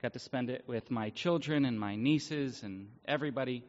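Slightly hoarse man in a reverberant hall. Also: medium pitch, darkish tone. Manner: earnest, pausing with frequent ums. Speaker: lay speaker and middle school teacher. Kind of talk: devotional talk to a congregation. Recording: dull lo-fi sound with long hall reverb.

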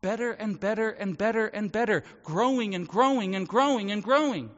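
A man's voice: high-pitched, normal speed. A man preaching a sermon in a church, talking conversationally and acting out the voices of the people in his stories. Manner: conversational, acts out quoted voices. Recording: echoey hall, dull audio.

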